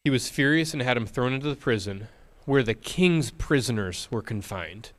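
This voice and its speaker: A man's voice: mid-range voice, animated. Man preaching with dramatic storytelling. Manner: storytelling, dramatic pauses and rhetorical questions. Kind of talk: sermon.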